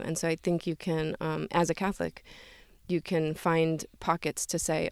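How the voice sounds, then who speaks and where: Earnest woman with a smooth, lowish voice. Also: flat delivery, moderate pace, a little mellow, dry recording, studio quality. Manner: earnest, fluent, many fillers like 'like' and 'right?'. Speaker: interview guest. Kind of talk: conversational interview.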